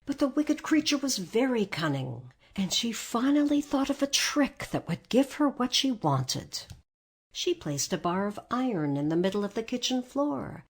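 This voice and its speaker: A woman narrating a storybook aloud in an expressive read-aloud manner. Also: on the high side, normal speed, husky.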